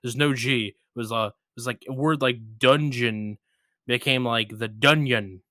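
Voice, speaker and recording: A man hosting a relaxed interview chat, his voice bright and forward and recorded close and dry. He rambles casually and jumps high and loud when he acts out a story. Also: moderate pace, no room sound. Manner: animated storyteller, rises high when retelling. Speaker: podcast host.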